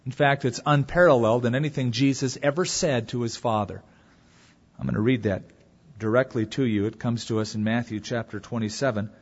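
A man preaching a sermon to a congregation, reading scripture aloud and expounding it with dramatic pauses. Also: mid-range voice, breathy edge. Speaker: pastor. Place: church or hall before a congregation. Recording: dull lo-fi recording with long hall reverb.

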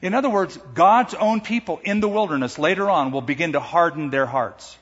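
A middle-aged man preaching a sermon to a congregation, slowing down and raising his voice on the words he stresses. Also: on the high side, animated, slightly rough. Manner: emphatic, slows and lifts his voice on key words. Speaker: pastor. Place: large church sanctuary. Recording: dull sound with long hall reverb.

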